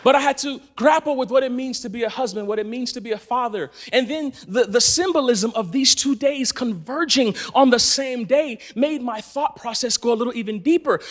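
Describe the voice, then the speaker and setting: A man in his thirties from Los Angeles, preaching to a congregation and telling a story with frequent laughter. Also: extremely high pitch. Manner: animated storytelling, laughing often. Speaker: church speaker. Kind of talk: sermon. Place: church in front of a congregation.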